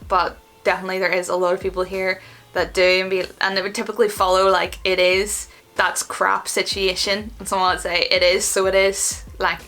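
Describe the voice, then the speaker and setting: Young Northern Irish woman, vlogger, rapid chatty delivery, mid pitch, faint music bed. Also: pushed and bright. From Northern Ireland. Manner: chatty, rapid, lots of fillers. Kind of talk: casual explainer vlog. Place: bedroom.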